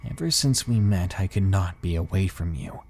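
A man's voice: low-pitched, lively intonation, moderate pace, faint music behind. A man playing an obsessive, possessive young man who speaks with creepy intensity in a horror story. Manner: creepy, intense, shifting from angry to soft.

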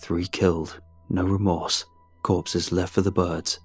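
A man's voice: flat delivery, slow pace, husky, soft background music, exaggerated voice. A man doing a grim, terse village guide. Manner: low, quiet and terse.

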